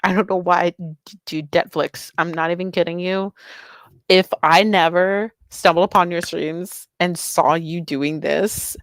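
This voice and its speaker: A young woman streams live, chatting casually with her viewers and reading their messages aloud. Her voice sits a little low, and she swings into excited, bubbly bursts. The sound is dry and close, with no room around it. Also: unhurried, no echo.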